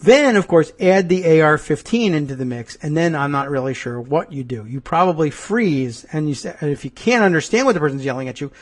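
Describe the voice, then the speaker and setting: A male talk show host, his voice pitched a little higher than most men's, rambles through a news story with dry sarcasm. He keeps riffing and joking, and often slips into mock voices. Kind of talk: comedic news commentary.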